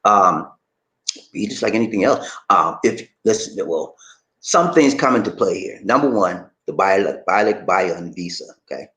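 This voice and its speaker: A man's voice: low voice, lively intonation, normal speed, sharp tone, rough recording. Folksy man hosting a live chat. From United States. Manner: folksy, repeats phrases, reads viewer comments aloud. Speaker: host of a live stream. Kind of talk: casual live chat answering viewers.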